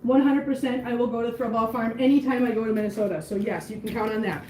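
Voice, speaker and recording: Chatting to her viewers and cooing at her cats, a woman hosts a casual livestream from home at a quick pace. Her voice sits on the high side and sounds a little mellow. A phone records her in an echoey room with litter boxes and faint noise.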